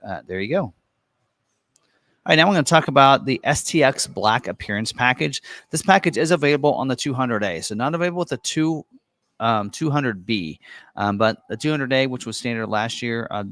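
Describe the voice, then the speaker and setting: A man's voice: fairly low pitch, a bit bright, no echo. A man casually walking through vehicle options on a screen, talking loosely with many fillers and self-corrections. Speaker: truck ordering guide presenter. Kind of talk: casual walkthrough of an online configurator.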